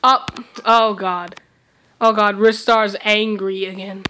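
A young woman reacting out loud to a video she is watching, excitable and giggly, talking back at the screen. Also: medium pitch, slow pace, slight background noise. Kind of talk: casual reaction commentary.

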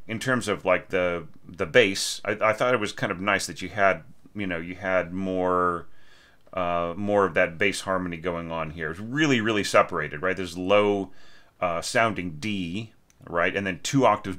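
A man's voice: sits low, bright, forceful tone. A man teaching orchestration, casually critiquing a student's score with many restarts and tag questions. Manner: conversational, lots of "right?" and restarts, sings phrases.

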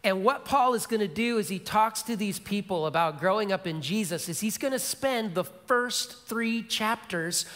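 Middle-aged pastor, echoing church hall. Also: male voice. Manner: storytelling, drops to a soft, low voice for emphasis; repeats key phrases. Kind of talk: sermon. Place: large church sanctuary. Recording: long church hall reverb.

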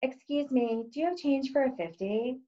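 A woman voicing a hurried, well-dressed wealthy mother who speaks briskly and with entitlement. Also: high-pitched, dark tone, lo-fi sound, voice pushed up, lightly acted.

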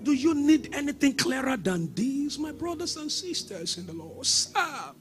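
Animated, high-voiced preaching pastor. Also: male voice, a little slow, music in the background. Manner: animated preaching with shouted exhortations and sing-song lines. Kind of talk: sermon.

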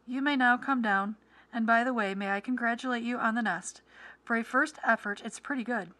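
A stern storybook mother duck who calmly lays down the law to the hunters, pressing her demands coolly, voiced by a woman reading aloud. The voice is bright and clear. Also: fairly high pitch, brisk.

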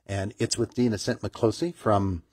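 A man hosting a small-town morning radio show, middle-aged and chatty. His voice sits low and sounds husky. The sound is dry and close, and he keeps restarting phrases with plenty of fillers. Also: steady tone, a little mellow, no room sound. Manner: halting, many fillers and restarts. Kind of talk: casual radio interview.

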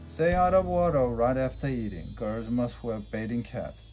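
A man reads a children's story aloud in a clear, steady way. His voice sits at an ordinary middle pitch. Soft music plays faintly behind him. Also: moderate pace. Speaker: storybook narrator.

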